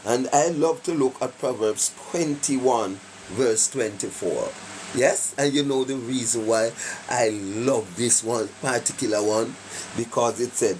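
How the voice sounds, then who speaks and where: A man holds forth on his live stream, unhurried and deliberate. His tone is preachy and emphatic, full of fillers and rhetorical checks with his audience. His pitch sits in an ordinary middle range, with a faint hum behind him. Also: a little mellow, rough recording. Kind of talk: casual opinionated live-stream talk.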